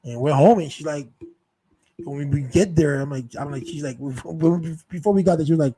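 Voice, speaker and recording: A man's voice: on the high side, a little fast, dark tone, slightly rough, rough recording. A man telling a rambling, profane story in a casual monologue, full of restarts and repeated words. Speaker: show host telling stories.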